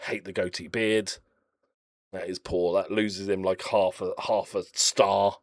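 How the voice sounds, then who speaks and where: A man's voice: low-pitched, flat delivery, measured pace, no room sound, clean studio sound. A man casually commentating on his own game footage, chatty and jokey, rambling off into blunt little rants. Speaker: game channel host.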